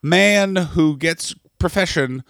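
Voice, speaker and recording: A man co-hosting a comedy podcast, trading crude jokes in a deadpan way. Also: fairly high pitch, slow pace, creaky, no room sound. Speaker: podcast co-host.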